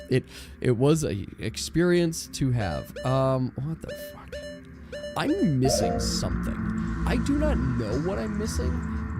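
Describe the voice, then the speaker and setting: A man in his thirties chatting casually on a gaming stream, rambling and joking at himself as he plays. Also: mid-range voice. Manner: rambling, self-mocking, talks to himself while playing.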